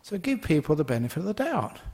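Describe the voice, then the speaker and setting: A man's voice: on the high side, very animated, fast talker, darkish tone, breathy edge. A man, a Buddhist monk, giving a dharma talk and telling stories playfully while laughing at his own jokes.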